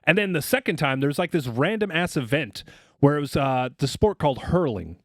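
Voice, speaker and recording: A man's voice: a little high, expressive, a little fast, no room sound, studio quality. A man co-hosting a podcast, ranting crudely with exaggerated mock anger. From Boston area, US. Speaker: podcast co-host. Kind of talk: profane comedic rant.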